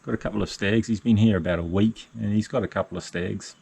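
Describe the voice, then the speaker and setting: Older New man, low easy voice. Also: quick pace, vocal fry, breathy edge. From New Zealand. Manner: relaxed, rambling, many fillers. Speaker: solo hiker vlogger. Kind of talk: casual outdoor vlog narration. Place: backcountry hut and deck outdoors. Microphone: action camera.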